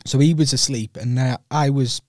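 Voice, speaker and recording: A man's voice: mid-range voice, steady tone, normal speed, a little mellow, dry recording, clean studio sound. A young Welsh man co-hosting a podcast, telling rambling stories in a casual chat and laughing often. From Wales. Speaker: podcast co-host.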